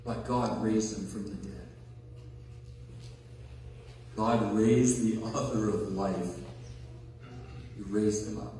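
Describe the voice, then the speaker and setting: A male pastor delivers a conversational sermon slowly, pausing often, with a warm, steady, fairly low voice. He stresses key words emphatically and checks in with listeners. Recorded from a distance in an echoey large hall or sanctuary, with a little hiss or hum.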